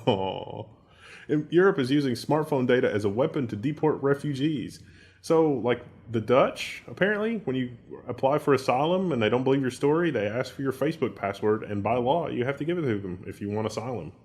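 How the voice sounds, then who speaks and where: A man's voice: medium pitch, animated, a little fast, darkish tone. A man co-hosting a casual tech news discussion, introducing stories with exasperated, wry asides. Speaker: co-host.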